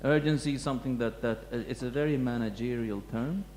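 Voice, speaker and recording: Man lecturing, thoughtful and halting, warm low tone, recorded in a reverberant hall with light hum. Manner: halting, many restarts and fillers, reflective. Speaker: museum curator giving a talk. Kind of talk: lecture talk to an audience. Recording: echoey hall with faint hum.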